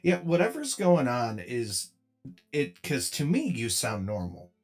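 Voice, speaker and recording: A man co-hosting a live stream, relaxed and swearing as he gives tech advice. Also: medium pitch, a little slow, clear, resonant tone, soft background music. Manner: laid-back, swearing, offers tech tips. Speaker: podcast co-host. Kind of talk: casual stream chat.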